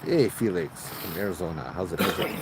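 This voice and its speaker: A man with a Hawaiian Pidgin accent hosting a livestream, telling a ghost story in a lively way and putting on high voices for the people in it. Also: moderate pace, very noisy. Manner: animated, acts out voices in high pitch. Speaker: host telling ghost stories.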